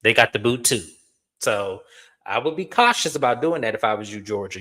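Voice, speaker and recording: A man hosting a reality TV recap in casual commentary, blunt and animated, swearing freely and talking to viewers as y'all. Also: fairly low pitch, measured pace.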